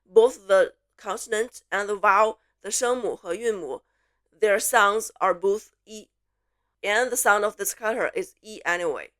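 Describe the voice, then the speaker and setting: A woman from Beijing with a Mandarin Chinese accent, teaching a Mandarin lesson in English with slow, clear repeat-after-me drills. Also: mid-range voice, fairly bright tone. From Beijing, China. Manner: slow, clear model pronunciations switching between English and Mandarin.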